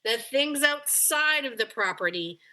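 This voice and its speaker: Woman dog trainer coaching a client, high bright voice, animated, does little voices for the dog. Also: unhurried. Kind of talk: coaching call.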